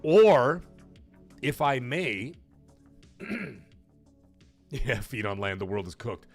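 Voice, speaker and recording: A man's voice: medium pitch, big pitch swings, drawn-out words, soft background music. A man hosting a casual live stream who jokes, swears loosely and reads viewer messages aloud. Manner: chatty, joking, loose and profane. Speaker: livestream host.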